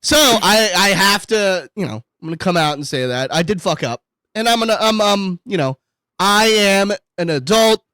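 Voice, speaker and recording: A man's voice: high voice, lively intonation, moderate pace, sharp tone, no echo. A man co-hosting a casual podcast, rambling and joking, poking fun at himself and swearing freely. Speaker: podcast co-host.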